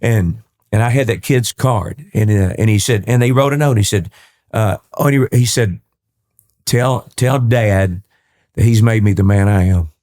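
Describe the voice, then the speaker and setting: Folksy Texan man telling stories, low voice. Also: a little slow, a little mellow. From East Texas. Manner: folksy, repeats words and restarts while telling stories. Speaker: guest, country singer. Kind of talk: storytelling in a podcast interview.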